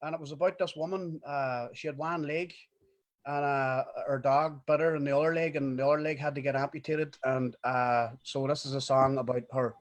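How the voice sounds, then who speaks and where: A man, co-hosting a casual podcast from home, swearing freely and breaking into loud laughter. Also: on the high side, fairly even intonation, normal speed. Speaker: podcast co-host. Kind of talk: casual chat.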